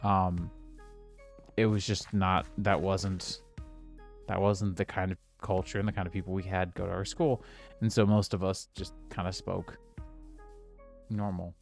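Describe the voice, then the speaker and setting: Low-voiced man chatting over gameplay. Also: flat delivery, measured pace, gravelly, long pauses, faint music behind. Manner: chatty, rambling, exasperated outbursts at the game. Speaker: streamer. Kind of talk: casual gameplay commentary.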